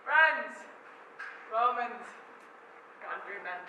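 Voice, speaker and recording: A woman's voice: a little high, animated, very slow, bright, forceful tone, voice pushed down, full character voice. A woman voicing a grand, orating Roman statesman with a declamatory, mock-grand delivery. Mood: grandiose. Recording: roomy distant recording with background noise.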